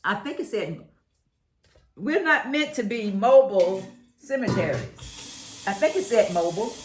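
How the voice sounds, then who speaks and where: A woman's voice: medium pitch, expressive, measured pace, reverberant, noisy background. A woman, chatting while juicing and exclaiming, repeating phrases like a preacher. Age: 70s. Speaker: health vlogger. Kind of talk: casual chat while juicing.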